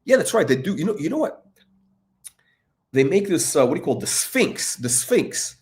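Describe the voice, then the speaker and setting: Rambling man with a lively voice. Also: a little high, moderate pace. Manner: meandering, profane, full of fillers and restarts; laughs between remarks, self-questioning. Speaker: watch commentator. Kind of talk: rambling casual monologue.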